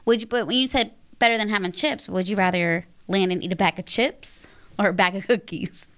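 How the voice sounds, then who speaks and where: A woman's voice: mid-range voice, a little fast, fairly bright tone. A woman co-hosting a casual chat, teasing her co-host with playful questions.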